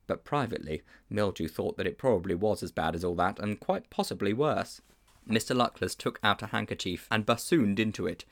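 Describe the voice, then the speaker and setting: A man reading a children's novel aloud with measured, expressive narration. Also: fairly low pitch. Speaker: storybook reader.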